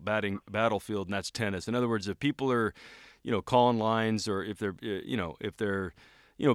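Host, male, lowish clear voice, dry mic, rambling delivery. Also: no echo. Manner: rambling questions, many fillers. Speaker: tennis coach, interview host. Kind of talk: interview.

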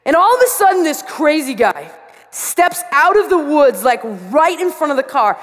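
A woman pastor preaching a sermon to students, telling a story with animated delivery and acting out her own panic. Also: sits high, moderate pace. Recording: long reverb of a large hall.

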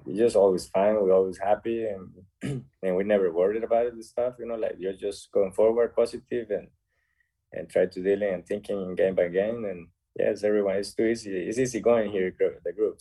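A man with a Costa Rican accent speaks in a very low, husky voice with a dark, mellow tone. He is a guest on a casual radio interview and talks cheerfully in halting English, often tagging on "man". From Costa Rica. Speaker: guest footballer.

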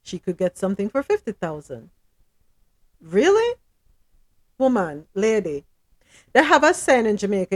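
A woman hosting a podcast in casual chat, blunt and animated, often laughing. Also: medium pitch, a little slow, long pauses. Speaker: podcast host.

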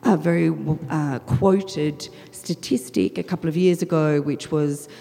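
Hoarse woman curator, very low pitch, dark mellow tone, long hall reverb. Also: steady tone. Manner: measured, with frequent ums. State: hoarse, croaky voice. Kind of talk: public talk presentation.

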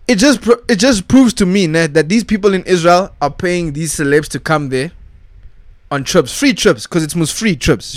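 Young male host, slightly high voice, slangy rambling delivery, dry close recording. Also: no echo. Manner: slangy, repetitive restarts, frequent "bruh" and "dog". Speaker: podcast host. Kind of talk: casual rant about pop culture.

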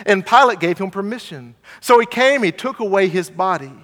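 A man's voice: high voice, animated, moderate pace, a bit bright, long reverb tail. A man preaching a sermon, earnest and repeating his phrases, reading scripture and acting out the people in it. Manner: earnest, repeats phrases, voices the Pharisees mockingly.

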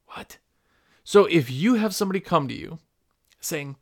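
A man's voice: on the high side, animated, moderate pace, pauses often. Chatty man giving business advice. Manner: rambling, chatty, acts out customer calls. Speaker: podcast host for window cleaners. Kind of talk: casual business advice monologue. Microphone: microphone at a computer.

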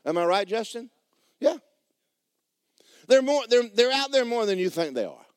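A man preaching in a church, telling a story and acting out the people in it with sudden loud bursts. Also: moderate pace, clean tone, no room sound, studio quality. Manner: animated, acts out quotes with sudden loud high bursts. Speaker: pastor. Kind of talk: sermon storytelling. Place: church sanctuary.

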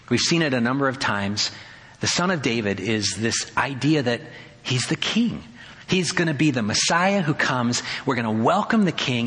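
A male pastor preaching a sermon in a conversational way, asking his listeners questions and acting out the shouts in the story. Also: medium pitch. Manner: acts out quoted shouts in a raised voice. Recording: long hall reverb.

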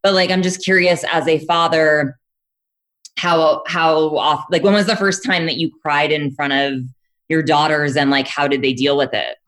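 A woman from Los Angeles talks as a podcast guest in a low voice. She rambles, filling her sentences with hesitations and "like". Her tone is loose and conversational. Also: steady tone, normal speed, fairly bright tone. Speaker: podcast guest, writer-producer. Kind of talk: casual chat.

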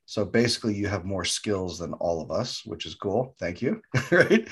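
A man co-hosts a podcast in an upbeat, eager way. His voice is husky and sits fairly low. He chats casually and keeps things lively. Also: moderate pace. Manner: upbeat, enthusiastic, says fantastic a lot. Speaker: podcast co-host.

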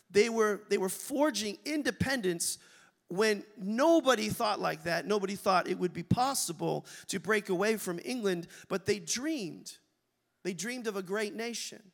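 A man's voice: high voice, gravelly, fairly bright tone. A man preaching a sermon to his congregation, emphatic and calling out for amens. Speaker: pastor. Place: church sanctuary. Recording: long reverb of a church hall.

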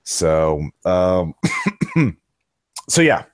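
A man's voice: sits low, sing-song, extremely slow, dry recording, clean studio sound. A man chatting casually as a podcast guest, rambling with many restarts and fillers. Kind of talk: casual chat.

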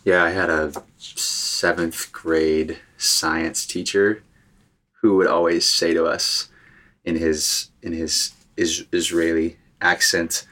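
Male participant, deep voice, unhurried, measured delivery in a group conversation. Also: fairly even intonation, pushed and bright. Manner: measured, building a list of ideas. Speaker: retreat participant. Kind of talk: casual group discussion.

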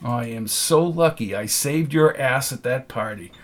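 A man's voice: mid-range voice, measured pace, heavy background noise, lightly acted. A man playing a wisecracking private investigator who gives dry, sarcastic comebacks. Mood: wry.

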